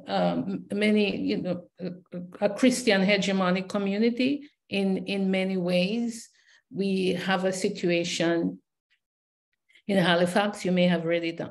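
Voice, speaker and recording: A woman's voice: on the low side, gravelly, a little mellow. A woman from Jamaica with a Jamaican accent, a scholar and poet speaking on a panel, reflective and searching, with many fillers and repeated starts. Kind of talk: panel discussion remarks.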